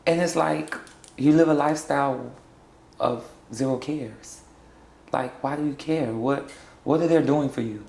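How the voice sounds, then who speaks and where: A young trans woman from South Florida speaking in a candid sit-down interview, blunt and sassy and quick to laugh. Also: very deep voice, gravelly, a little mellow, echoey room. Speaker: interview guest.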